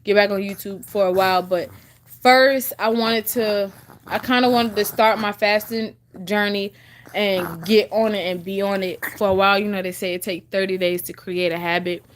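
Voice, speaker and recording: A woman's voice: medium pitch, steady tone, moderate pace, a little hiss or hum. A woman in her twenties chatting casually to her viewers, full of fillers and restarts, chewing gum as she talks. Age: 20s. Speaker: vlogger. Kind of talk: casual chat to camera.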